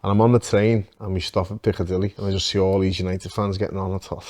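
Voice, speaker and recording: Scouse male co-host, quick anecdotal delivery, a little low in pitch, swears freely. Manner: swearing, animated anecdote telling. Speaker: podcast co-host. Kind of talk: casual storytelling chat.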